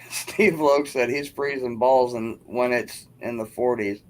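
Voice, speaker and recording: A man's voice: mid-range voice, steady tone, unhurried, darkish tone. A man hosting a casual livestream call, laughing often and teasing friends and viewers. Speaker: livestream host.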